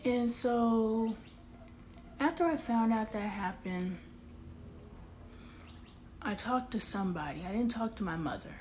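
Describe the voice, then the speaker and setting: A woman's voice: on the high side, a little slow, pauses often, a little mellow, a little hiss or hum. A woman in her thirties hosting a candid live stream on her phone outdoors, talking straight to viewers and answering their comments aloud. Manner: emotional, confiding, talks straight to viewers.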